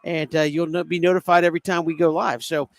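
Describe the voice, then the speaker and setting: A man hosting a live sports talk show, brisk and upbeat, steering the talk and prompting viewers. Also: a little high, flat delivery, vocal fry, no echo. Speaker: host.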